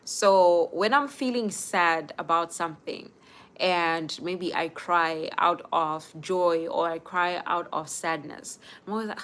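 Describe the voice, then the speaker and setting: Low-voiced woman giving live-stream advice. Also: unhurried, a bit bright. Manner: earnest, advising viewers directly. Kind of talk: casual live-stream talk.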